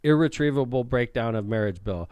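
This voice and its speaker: A man's voice: medium pitch, expressive, fairly quick, a little mellow, smooth, no room sound. A man co-hosting a political podcast in casual chat, reading bill text aloud and cracking jokes. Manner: joking, reads bill text aloud, slips into impressions. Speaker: podcast co-host.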